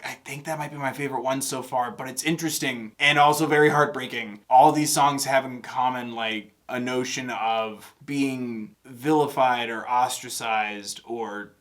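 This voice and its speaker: A man's voice: medium pitch, fairly even intonation, a little slow, hardly any pauses. Rambling young man reacting to music. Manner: rambling, thinking aloud with many fillers and restarts. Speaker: reaction video host. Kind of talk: casual music reaction commentary.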